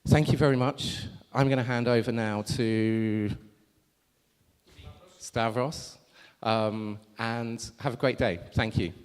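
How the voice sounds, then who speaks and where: A man's voice: mid-range voice, fairly even intonation, takes it slowly, a little hiss or hum. A man giving a conference opening speech, rambling a little with many ums and self-corrections. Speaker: conference organizer. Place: large conference hall. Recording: hall reverb from stage mic.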